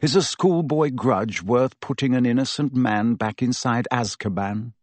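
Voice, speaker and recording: A man voicing a calm, weary middle-aged male teacher who speaks softly and urgently. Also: medium pitch, measured pace, no room sound, close to an everyday voice. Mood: soft reproach. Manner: urgent yet soft-spoken.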